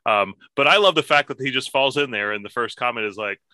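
Wry man with a very bright, dry voice. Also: medium pitch, quick pace, no echo. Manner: wry, dryly joking. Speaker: podcast co-host. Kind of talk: casual chat about a cartoon. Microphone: remote call microphone.

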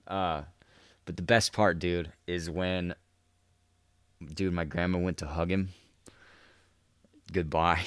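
A man's voice: sits low, fairly even intonation, slow, pauses often, a bit bright, smooth, no room sound, studio quality. A young man hosting a podcast, telling a story in a loose, profane, laid-back way, full of "dude" and laughter. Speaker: podcast host. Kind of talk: casual podcast monologue.

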